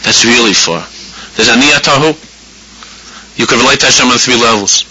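A man teaching a spoken religious lesson to a live audience, animated, often repeating phrases and acting out inner voices. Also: mid-range voice, normal speed, breathy edge, poor audio. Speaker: rabbi teaching a class.

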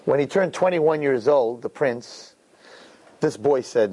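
A man telling a parable in a conversational, animated way, often checking in with "right?". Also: medium pitch, slow pace. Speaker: storyteller. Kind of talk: animated storytelling talk.

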